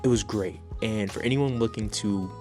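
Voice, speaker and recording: A man's voice: on the low side, moderate pace, a little mellow. A man giving a personal faith testimony to camera, earnest and reflective, repeating phrases as he builds feeling, over faint music. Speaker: faith vlogger sharing a testimony.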